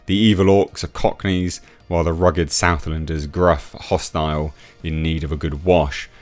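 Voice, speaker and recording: His rumbling low voice holds steady at normal speed as this English YouTube reviewer reads an article and ridicules it, laughing and restarting frequently. Faint music sits behind him.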